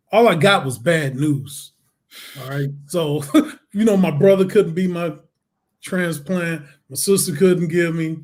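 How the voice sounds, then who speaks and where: A man, a guest on an interview show, telling his story in a lively way, acting out the voices and laughing often. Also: on the high side, unhurried. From Detroit, USA.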